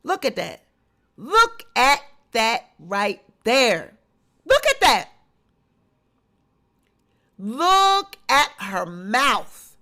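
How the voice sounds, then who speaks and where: A woman's voice: on the high side, sing-song, extremely slow, pauses often, bright, forceful tone. A woman vlogger giving emphatic, mocking gossip commentary.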